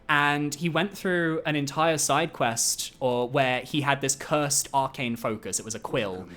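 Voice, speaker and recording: Male streamer, casual gameplay commentary, excitable and foul-mouthed, rambling. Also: medium pitch. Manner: excitable, swears freely, rambling asides.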